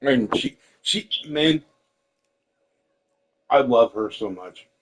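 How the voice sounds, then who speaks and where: A man's voice: mid-range voice, animated, slow, rough recording. Man in casual emotional chat. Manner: emotional storytelling, swears, quotes others; eating while talking. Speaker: podcast host.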